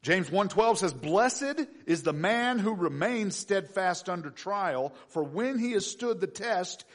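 A middle-aged man preaching a sermon, swinging between loud emphatic bursts and quiet asides, acting out prayers and quoted voices. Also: high-pitched. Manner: acts out his own prayers and quoted voices.

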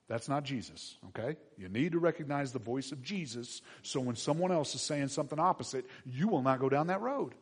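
Husky-voiced male preacher, emphatic bursts. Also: fairly high pitch, lively intonation, a little fast, hardly any pauses. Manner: conversational, swings between quiet asides and loud emphatic bursts. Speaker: pastor. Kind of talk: sermon with scripture reading.

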